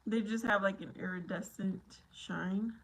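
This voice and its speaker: A woman's voice: mid-range voice, steady tone, unhurried. A woman hosting a casual live chat, talking to her viewers by name, playful and laughing often. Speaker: livestream host.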